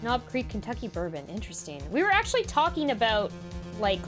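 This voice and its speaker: A woman's voice: on the high side, sing-song, fairly quick, music in the background. Chatty, giggly woman streamer. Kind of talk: casual live-stream chat while reading a game.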